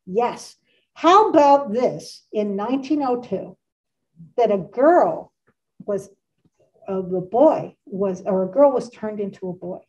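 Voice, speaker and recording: Chatty woman lecturer, mellow. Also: mid-range voice, animated, slow, far from the mic, muffled recording. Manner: chatty, wry asides, frequent fillers. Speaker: art history lecturer. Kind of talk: casual presentation and read-aloud.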